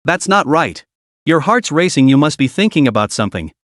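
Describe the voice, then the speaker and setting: A man's voice: a little high, sing-song, a little fast, a bit bright, no room sound, studio quality. A man voicing a cocky, crude young man who swears his way through trouble. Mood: suspicious. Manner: blunt, swearing inner monologue.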